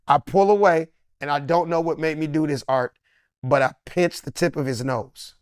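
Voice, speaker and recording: A comedian, a man, telling an animated story and acting out the lines of everyone in it. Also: a little high, no echo, studio quality. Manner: lively, acts out every character's line.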